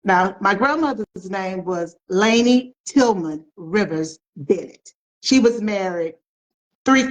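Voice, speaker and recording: A woman's voice: medium pitch, rough recording. A middle-aged woman author, telling family stories in an interview with emphatic repetition. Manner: emphatic storyteller, repeats phrases for effect. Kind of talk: storytelling in an interview.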